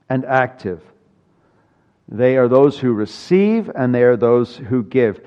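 A man's voice: mid-range voice, darkish tone, dull audio. An older man preaching a sermon as pastor, earnest with dry humor and emphatic repetition of key lines.

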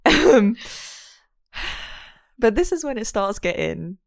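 A woman recapping a show in casual chat, animated, swearing freely and laughing often. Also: a little high, slow pace, creaky, no room sound, studio quality. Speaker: show reviewer.

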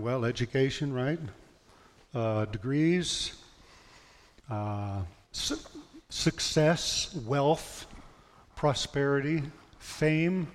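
A male pastor preaching a sermon, reading scripture aloud in an earnest, emphatic way. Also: a little high. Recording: long hall reverb.

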